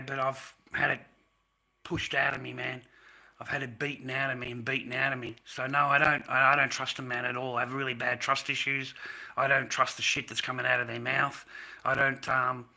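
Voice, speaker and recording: A man's voice: mid-range voice, creaky, bright, forceful tone. A man, ranting bluntly and profanely on a casual livestream. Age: 50s. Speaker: livestream host.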